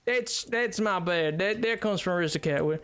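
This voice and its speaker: A man's voice: sits high, moderate pace, fairly bright tone. A young man chatting casually while streaming a game, self-mocking and laughing often. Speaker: gaming streamer.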